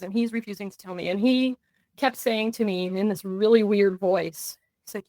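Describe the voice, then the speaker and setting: A woman's voice: medium pitch, a little fast, dry recording. A young adult woman recounting a personal story in an earnest way, acting out what others said. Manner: earnest, tells events in vivid runs with quoted dialogue. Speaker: guest. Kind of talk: personal story in a podcast interview.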